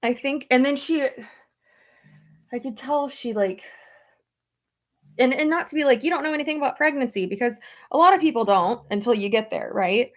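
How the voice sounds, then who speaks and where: A woman's voice: sits high, moderate pace, pauses often. A young woman vlogging in a casual chat, rambling with lots of "like", laughing often and retelling conversations as quoted dialogue. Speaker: beauty vlogger. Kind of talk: casual chat while getting ready.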